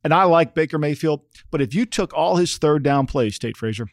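On this football podcast, the co-host, a middle-aged man who used to work in an NFL front office, keeps it casual but emphatic, circling back to his points and tossing in "okay?" a lot. He sounds a little high and a little fast, with lively intonation, recorded in a studio with no echo.

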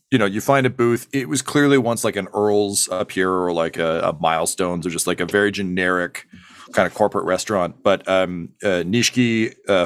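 A man's voice: low voice, a bit bright, clear, resonant tone, dry recording, studio quality. A young man running a tabletop game as game master, rambling with many fillers. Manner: rambling, full of ums and uhs.

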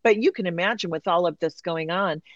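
A woman guest telling a candid personal story in conversation, animated and acting out quoted voices. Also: on the low side, brisk, no echo, muffled recording.

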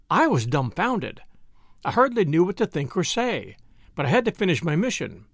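A man narrating a story with measured, expressive delivery. His voice sits fairly high and moves widely in pitch. The recording is close and dry, with no room sound. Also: dry recording. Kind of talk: story reading.

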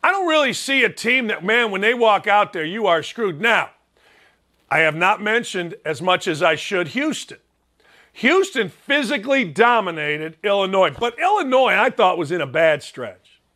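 A man with a Chicago accent hosts a sports talk show, and his voice sits high for a man. He talks bluntly and brashly, and he is quick to poke fun at himself. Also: big pitch swings, pushed and bright. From Northwest Indiana. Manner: blunt, brash, self-mocking. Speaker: sports radio host.

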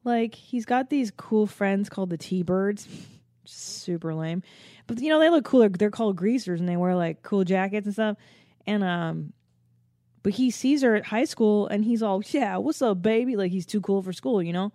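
A woman in her forties hosts a podcast and rambles through a comedic monologue, swearing freely and mocking herself. Her voice sounds mellow and warm. It was recorded close and dry, with no room sound. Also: mid-range voice, moderate pace, no room sound. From Los Angeles area. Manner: rambling, profane, self-mocking. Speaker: podcast host.

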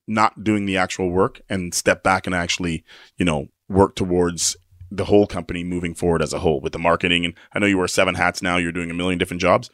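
A man's voice: deep voice, no room sound, clean studio sound. A man hosting an interview, asking long, meandering questions. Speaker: show host.

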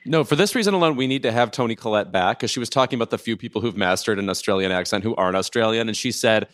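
A man's voice: on the low side, very fast, a bit bright. A man co-hosting a podcast, chatting in a wry, joking way. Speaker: podcast co-host. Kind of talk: casual interview chat.

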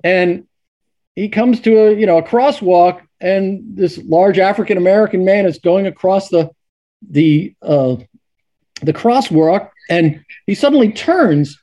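A man's voice: sits high, a little slow, mellow. A middle-aged man, a sportswriter guest, telling stories casually with many restarts and fillers. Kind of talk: casual storytelling.

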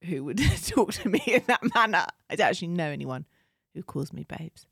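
A woman's voice: fairly low pitch, animated, fairly quick, vocal fry, fairly bright tone, husky, no echo, studio quality. A woman co-hosting a podcast, chatting frankly and laughing often. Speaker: podcast co-host. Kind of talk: casual chat.

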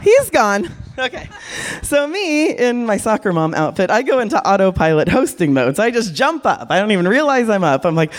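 A woman who works as a porn director, telling a frank, animated story to a live audience and acting out the voices. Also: mid-range voice, normal speed.

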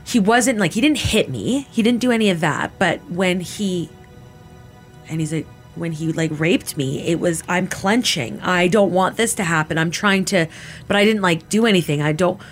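With faint music behind her, a woman with a lowish voice speaks at normal speed as an interviewee describing her assault. Her emotional testimony is casual and full of filler words, and she acts out the things people said to her.

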